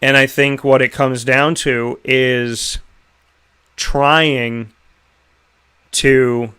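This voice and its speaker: A man's voice: medium pitch, level tone, very slow, sharp tone, smooth. An American man hosting a talk show segment, giving an earnest, reflective motivational talk full of rhetorical questions. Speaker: radio show host.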